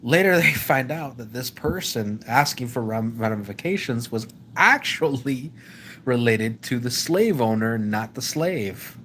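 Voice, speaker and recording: A man in the middle of a loose, off-the-cuff monologue to a live audience, his voice at an ordinary middle pitch. He stumbles and restarts sentences often, and keeps turning to his listeners with "ladies and gentlemen". A faint hiss of noise sits under him. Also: lively intonation, measured pace. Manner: rambling, with many restarts and stumbles. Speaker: live stream host. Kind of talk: casual opinion monologue.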